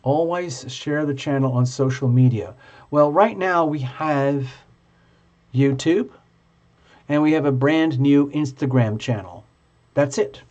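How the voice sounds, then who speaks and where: A man hosting a live tarot stream, chatting with viewers in an excitable, gushing and playful way. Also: medium pitch, slow pace. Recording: dull lo-fi stream audio.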